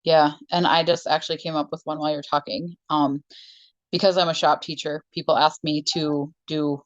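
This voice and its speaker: A woman who teaches shop, chatting casually on a podcast and rambling through stories with quick laughs. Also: deep voice, little pitch movement, dry recording, dull audio. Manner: rambling storyteller who acts out conversations with laughs.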